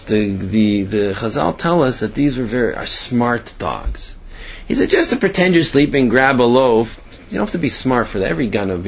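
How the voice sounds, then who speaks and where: A man's voice: medium pitch, slightly rough, muffled recording. A man giving a sermon and telling parables, asking himself questions as he goes. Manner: storytelling, animated, asks himself questions.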